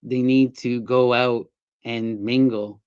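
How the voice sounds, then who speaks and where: A man's voice: medium pitch, flat delivery, slow pace, smooth, no room sound. A man hosting an interview podcast, reflective and casual, often saying "you know". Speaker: podcast host. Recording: dry, slightly dull lo-fi.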